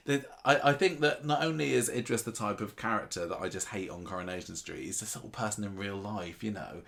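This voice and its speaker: A man's voice: low voice, fairly quick, vocal fry. A man co-hosting a casual chat, recapping a soap with frequent laughter. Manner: laughs often, animated. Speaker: podcast co-host.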